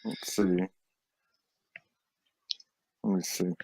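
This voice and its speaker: A man hosting a live online show in a relaxed, teasing way, often stumbling and restarting his sentences. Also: extremely slow, no room sound. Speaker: show host. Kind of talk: casual live-stream hosting.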